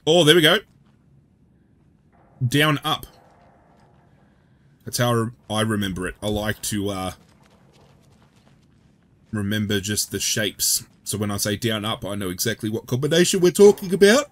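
A man's voice: lowish voice, very animated, moderate pace, pauses often, a bit bright. A man giving casual gameplay commentary, chatty and joking, who swears freely as he plays.

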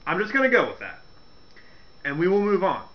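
A man hosting a casual comedic rant, laughing as he retells events in an animated way. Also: high-pitched, a little fast, lo-fi sound. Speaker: wrestling commentary host.

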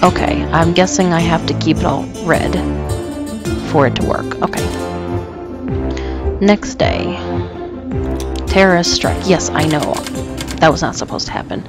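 Lady gamer rambling at her game, confused and joking at herself, kinda low voice. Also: unhurried, pauses often, over loud music. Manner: flustered, self-mocking, talks to the game characters. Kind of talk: let's play commentary. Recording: noisy home recording.

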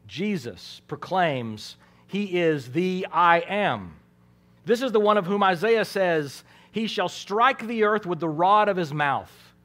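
Speaking slowly and expressively in a high register, he preaches a sermon that swings from quiet and hushed to loud and forceful. Now and then he repeats words while restarting a phrase.

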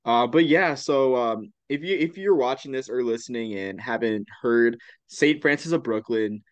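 A man's voice: medium pitch, moderate pace, no room sound, highs cut off. Stuffed-up guy hosting a sports pod, dry close sound, keeps restarting sentences. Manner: chatty, restarts sentences often, congested. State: congested. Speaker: podcast host. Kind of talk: casual podcast interview.

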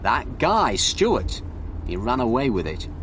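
A man voicing an angry, excitable man who keeps shouting that the money is his. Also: mid-range voice, measured pace, slight background noise. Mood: insistent. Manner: shouty, indignant. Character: angry excitable man, robbed finder of cash.

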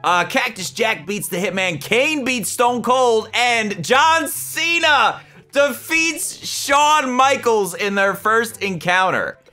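A young man narrating his wrestling sim playthrough with a high, bouncy, very animated voice. His tone is bright and sharp, and he swings between sudden shouted reactions and low muttered asides. Faint music plays behind him. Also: slow pace. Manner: excitable, swings from loud outbursts to mumbled asides. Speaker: gaming YouTuber. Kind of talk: gaming commentary.

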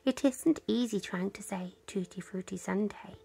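A woman voicing a polite, earnest young male bear in a storybook reading, speaking softly. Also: mid-range voice, moderate pace, gravelly, breathy edge.

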